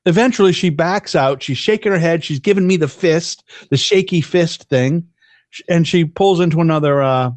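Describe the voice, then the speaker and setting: A man's voice: fairly high pitch, normal speed, darkish tone, no echo. A man co-hosting a podcast, telling a long profane story in casual chat, with many restarts. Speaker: podcast co-host.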